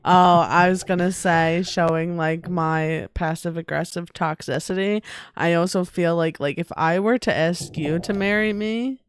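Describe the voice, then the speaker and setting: A woman's voice: on the low side, fairly even intonation, measured pace, clean tone. A woman co-hosting a casual podcast chat, speaking hesitantly with many fillers. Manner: hesitant, full of likes and ums. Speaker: podcast co-host.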